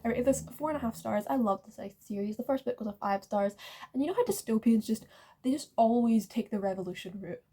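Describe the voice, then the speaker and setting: In a casual book review chat, a woman runs through what she's read, scoring each title and catching her own slips, with plenty of "like." Her voice is fairly high and mellow, and she talks quickly.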